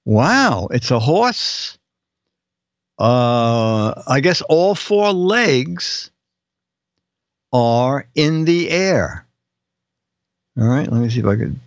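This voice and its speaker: A man's voice: mid-range voice, sing-song, drawn-out words, pauses often, no echo, dull audio. An older man hosting a casual live show, reading viewers' joke captions aloud and chuckling between them. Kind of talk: casual comedic live-stream chat.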